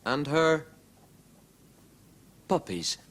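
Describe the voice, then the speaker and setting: Slow, gently explaining man presenter. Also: on the high side, very animated. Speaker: children's TV presenter. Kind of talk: explaining to young children.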